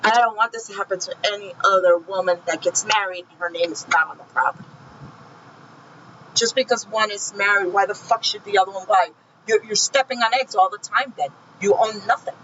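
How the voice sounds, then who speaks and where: A woman's voice: mid-range voice, a little fast, a bit bright, muffled recording, slight background noise. A woman telling her own painful story in a vlog, heated and profane, speaking with raw feeling. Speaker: vlogger recounting her own experience. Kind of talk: emotional personal storytelling.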